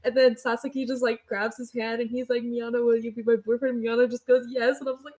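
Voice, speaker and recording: A woman's voice: on the high side, little pitch movement, quick pace, darkish tone. A woman co-hosting a casual podcast, gushing and giggly. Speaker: podcast co-host. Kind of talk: casual chat.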